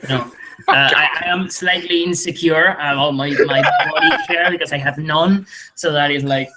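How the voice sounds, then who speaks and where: A man's voice: on the high side, fairly even intonation, moderate pace, heavy background noise. A man from Spain in casual podcast chat at his father's house, rambling through stories with lots of swearing and self-mockery. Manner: rambling, profane, self-mocking storytelling. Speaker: podcast co-host.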